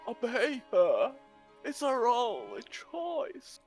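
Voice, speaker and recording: An actor voices a broken inner voice that has given up. It speaks slowly and wearily, its pitch rising and falling widely, over faint music. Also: heavily acted. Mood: resigned. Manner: flat, defeated and slow. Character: broken, hopeless inner voice, resigned to fate.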